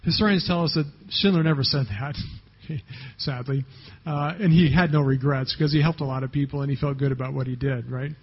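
A man's voice: mid-range voice, steady tone, a little fast, breathy edge. A man preaching a sermon as pastor, talking conversationally and often checking in with the congregation, on a dull lo-fi recording.

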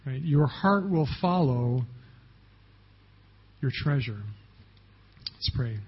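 A man's voice: mid-range voice, lively intonation, slow pace, slight background noise. A man preaching a sermon as pastor, talking conversationally and often checking in with the congregation, on a dull lo-fi recording.

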